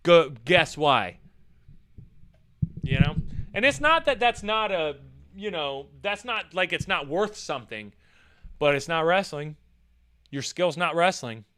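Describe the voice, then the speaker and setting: A man's voice: fairly high pitch, measured pace, long pauses, smooth. A man ranting profanely in casual chat while reading a list and chat comments, mocking with put-on voices. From United States. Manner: animated, swears a lot, mocks with put-on voices. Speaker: streamer reacting to a list and chat.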